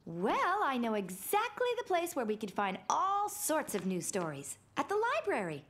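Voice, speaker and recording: A woman voicing a patient, gentle young mother in a cartoon. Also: on the high side, wildly swooping pitch, normal speed. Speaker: mother character. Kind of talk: cartoon voice acting.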